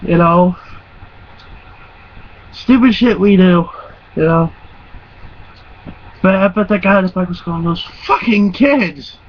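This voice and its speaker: A man's voice: sits high, takes it slowly, long pauses. Profane rambling young guy on a muffled recording. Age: around 20. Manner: rambling, profane, laughs through his stories. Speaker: vlogger. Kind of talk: casual storytelling. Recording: muffled lo-fi recording with faint hum.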